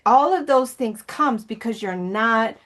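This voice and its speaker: A woman's voice: a little high, expressive, measured pace, fairly bright tone. A woman ministry coach giving an emotional motivational talk, earnest and pleading, blunt and sometimes profane, rambling with many fillers and restarts.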